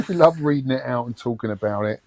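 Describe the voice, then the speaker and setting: A man as an upbeat podcast co-host, friendly and easygoing. He is recorded close and dry with no room sound, and his pitch sits in a middling range. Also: lively intonation, a little fast, darkish tone, no room sound. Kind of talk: casual podcast chat.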